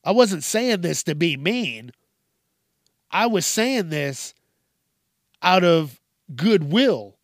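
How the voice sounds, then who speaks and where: A man's voice: sits high, very animated, takes it slowly, long pauses, dry recording, clean studio sound, heavily acted. A man voicing a blunt female judge who gives a brusque, matter-of-fact warning.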